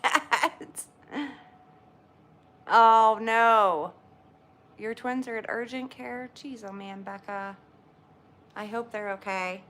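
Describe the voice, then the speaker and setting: A woman's voice: mid-range voice, sharp tone. A woman, chatting casually with livestream viewers, greeting them by name and laughing often. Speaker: livestream host.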